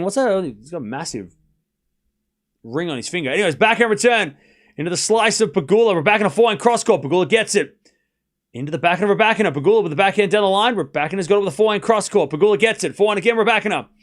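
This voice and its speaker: Male stream host, high lively voice, excitable play-by-play tennis commentary with banter. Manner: chatty, excitable, jokes and speaks to viewers.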